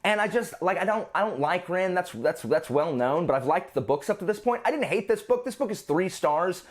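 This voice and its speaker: Lively, rambling male book reviewer. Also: sits high, a little fast. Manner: rambling, self-interrupting, frequent restarts. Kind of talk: casual book review vlog.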